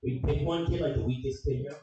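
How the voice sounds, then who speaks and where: A young man doing a stand-up comedy set, telling a story with swearing and loud funny voices. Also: fairly high pitch, fairly even intonation, quick pace, highs cut off, crowd noise. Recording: echoey room, distant mic.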